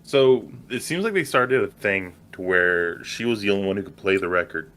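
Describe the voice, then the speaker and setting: A man co-hosting a movie podcast in casual chat, relaxed and offhand. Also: low voice, normal speed. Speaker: podcast co-host.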